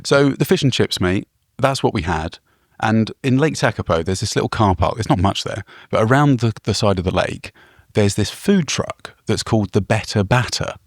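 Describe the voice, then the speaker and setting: A low-voiced man with a gravelly, fry-heavy edge, telling travel stories on a podcast. He talks casually, swears freely and calls his co-host mate. The sound is dry and close, with no room behind it. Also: normal speed, no room sound. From Britain. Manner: lively storyteller, swears casually, says mate. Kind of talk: casual chat.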